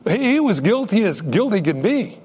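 Pastor, male, sermon delivery: high, lively voice with a husky edge; storyteller who acts out dialogue. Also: moderate pace, in a large hall.

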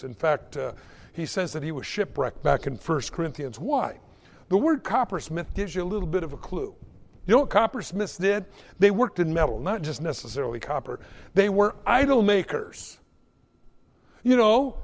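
Male pastor, animated sermon, echoey hall. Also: a little high, normal speed, creaky. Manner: animated storytelling preaching.

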